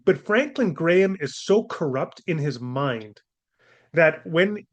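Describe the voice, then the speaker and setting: Indignant male commentator, slightly higher voice. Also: animated, slow pace. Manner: indignant and scornful, with rhetorical questions. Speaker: commentator and apologist host. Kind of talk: opinionated commentary monologue.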